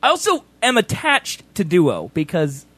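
A young man co-hosting a podcast in casual chat, animated and laughing often, with a sing-song delivery. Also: high-pitched, measured pace, husky. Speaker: podcast co-host.

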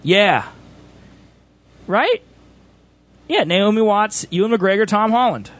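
A man's voice: high voice, slow. A man hosting a stream, chatting casually and teasing his friend, talking over him. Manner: animated, teasing, talks over others. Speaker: streamer host. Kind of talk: casual chat.

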